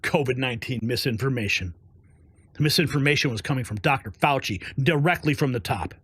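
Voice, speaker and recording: A man's voice: medium pitch, a little fast, a bit bright, husky, no echo. A man hosting a political commentary show, heated and sarcastic, drawing out words for emphasis. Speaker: host.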